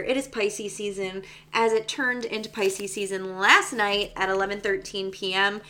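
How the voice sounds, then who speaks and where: A woman's voice: medium pitch, fairly even intonation, moderate pace, hardly any pauses, bright, forceful tone. A young adult woman hosting a spiritual podcast as a psychic medium, talking in a chatty, bubbly way with lots of fillers. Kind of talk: casual chat.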